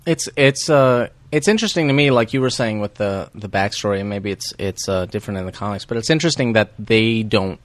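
A man co-hosting a casual movie commentary, speaking in a thoughtful, measured way. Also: fairly low pitch, no room sound.

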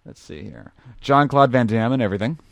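Fast-talking man reading out examples. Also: medium pitch, expressive, creaky, fairly bright tone, dry recording. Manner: brisk, reads out examples from a list. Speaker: podcast co-host. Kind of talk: casual chat about movies.

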